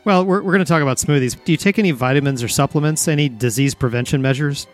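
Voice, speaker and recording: A man hosting a casual comedy podcast, with a teasing, deadpan delivery. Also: medium pitch, fast, soft background music. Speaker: podcast host.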